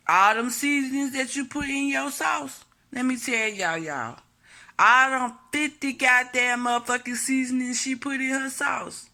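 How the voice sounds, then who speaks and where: Woman vlogger going off, bright sharp voice, cussing and repeating herself to make the point. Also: a little high. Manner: blunt and profane, repeats points for emphasis. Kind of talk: opinionated casual monologue.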